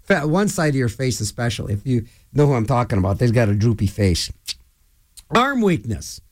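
A man's voice: medium pitch, quick pace. A man hosting a local radio show, talking in a rambling, digressive way. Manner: rambling, digressive, animated storyteller. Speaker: radio host. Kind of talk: rambling casual radio talk.

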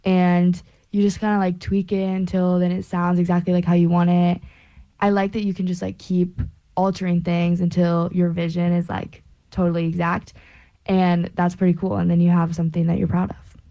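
A woman's voice: on the low side, normal speed. A young woman, a radio intern, answering casually with many filler words. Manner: relaxed, filler-heavy.

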